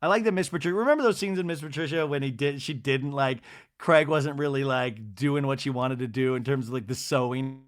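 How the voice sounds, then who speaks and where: A man's voice: medium pitch, a little fast. A man hosting a podcast, giving a chatty, gossipy solo TV recap. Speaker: podcast host. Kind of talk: casual TV recap monologue.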